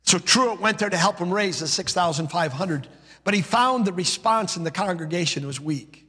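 Male pastor, sermon, emphatic rhythmic lists, bright husky voice, long hall reverb. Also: high voice, normal speed.

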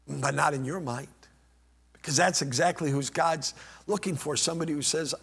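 An older man preaching a sermon as pastor, impassioned, rising to shouts and dropping to near whispers. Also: on the high side, moderate pace, vocal fry, husky, in a large hall.

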